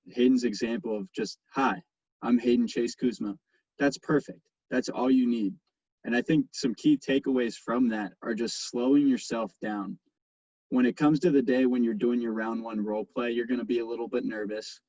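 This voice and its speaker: A man's voice: mid-range voice, darkish tone, dry recording. A young man coaching competitors on a video call in a laid-back, casual way. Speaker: sales competition coach, past winner. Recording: dull, muffled video call audio.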